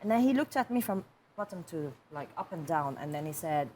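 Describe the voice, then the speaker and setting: A woman being interviewed as a guest on a TV chat show, telling lively stories and laughing often. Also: low-pitched, a little fast, slight background noise. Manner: animated storyteller, laughing often. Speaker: guest actress and model.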